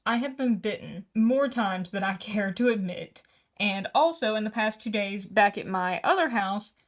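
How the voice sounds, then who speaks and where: A woman's voice: mid-range voice, a bit bright. Young woman, Tennessee Southern accent, casual rambling home vlogger, self-deprecating. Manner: chatty, self-mocking, rambling asides. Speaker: book vlogger. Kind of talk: casual vlog chat. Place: home kitchen.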